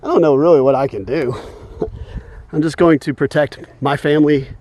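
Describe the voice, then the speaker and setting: A man's voice: on the high side, moderate pace, a little mellow, no room sound. A man vlogging while walking outdoors in the evening, talking in a heated, indignant way and chuckling often between points. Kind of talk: casual rant while walking.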